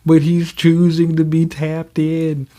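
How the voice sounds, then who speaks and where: A man hosting a casual manga reaction, talking in a slangy, animated way, laughing often and calling everyone "bro". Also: a little high, takes it slowly.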